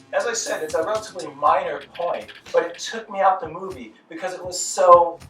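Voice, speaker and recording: A man's voice: high-pitched, a bit bright. A man narrating a movie review in a dry, critical, mildly exasperated way. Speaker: film reviewer. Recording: echoey room, mic at a distance, faint music.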